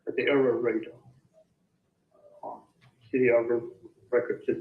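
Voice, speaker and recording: Male expert witness, halting and unsure, piped in over a thin, echoey video call. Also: medium pitch, little pitch movement, vocal fry, phone-quality sound. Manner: hesitant, halting, full of fillers. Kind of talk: remote court testimony.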